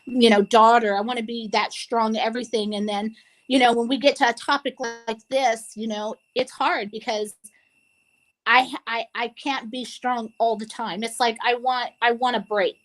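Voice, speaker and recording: A woman's voice: on the high side, fairly even intonation, normal speed, rough recording. A woman co-hosting a casual talk show, speaking earnestly and tearfully with many restarts. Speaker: co-host. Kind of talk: emotional casual chat.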